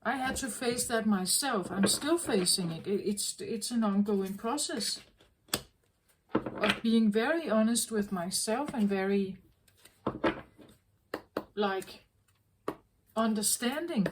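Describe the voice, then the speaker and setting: A woman tarot reader talking in a slow, earnest, reflective way, often repeating herself as she works through a thought. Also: mid-range voice, background noise. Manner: slow, repetitive, earnest, self-correcting. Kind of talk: reflective spoken reading.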